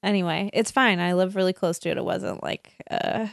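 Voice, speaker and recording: A woman co-hosting a podcast, chatting casually with wry jokes and quick asides. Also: on the low side, expressive, vocal fry, no room sound, clean studio sound. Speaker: podcast co-host. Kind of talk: casual chat.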